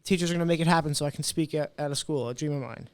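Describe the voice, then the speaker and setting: A young man in his twenties talks as a podcast guest, animated and quick to act out what others said. His voice sits a little high for a man. The sound is dry and close, with no room echo. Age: 20s. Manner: animated storyteller, acts out quotes. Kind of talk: casual interview talk.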